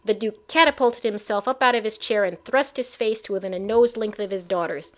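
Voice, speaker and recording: A woman reading a storybook chapter aloud in an expressive, measured way. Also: medium pitch. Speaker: audiobook narrator. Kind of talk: storybook narration.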